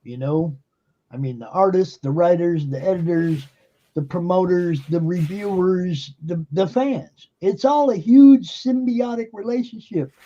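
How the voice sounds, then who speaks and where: This streamer and show host has a voice that sits high, unhurried and mellow, captured on a computer mic that makes the recording sound muffled. He talks casually and emphatically on his live stream, packed with fillers and swearing.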